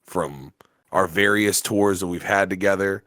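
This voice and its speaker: A podcast co-host chats casually, rambling, teasing, and laughing a lot. His voice is low-pitched and a bit bright, with a measured pace. Though he records on a home webcam setup, the sound is dry and studio quality.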